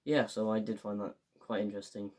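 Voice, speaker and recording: A man's voice: lowish voice, fairly even intonation, fairly quick, a little mellow. A young man, casually reviewing a show and rambling with lots of fillers and enthusiasm. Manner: rambling, filler-heavy, enthusiastic, acts out quotes. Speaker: fan reviewer.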